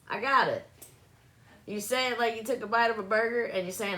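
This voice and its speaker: A livestream host from South Carolina with a Southern accent chats casually with her live audience in a mid-range, sing-song voice that's bright and forceful at a moderate pace. Laid-back and playful, she repeats words to test how she pronounces them.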